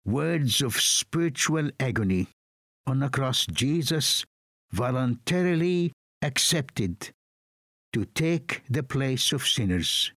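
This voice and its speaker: Male preacher, sermon, slow deliberate delivery, solemn, dry close sound. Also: mid-range voice, animated, a bit bright, no echo. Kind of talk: sermon reading scripture.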